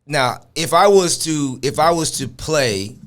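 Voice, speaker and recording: A man co-hosting a casual podcast chat, telling a story with acted-out shouted quotes. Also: a little high, animated, unhurried. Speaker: podcast co-host.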